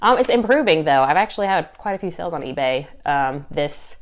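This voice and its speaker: A woman's voice: deep voice, lively intonation, brisk. A young woman with a Southern US accent, chatting casually to camera about her resale sales, upbeat and full of fillers and small laughs. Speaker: reseller vlogger.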